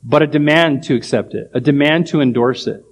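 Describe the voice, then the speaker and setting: Pastor guy preaching, kinda high voice, firm and emphatic, lots of "how do we do it?" type questions. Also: brisk, a little hiss or hum. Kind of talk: sermon.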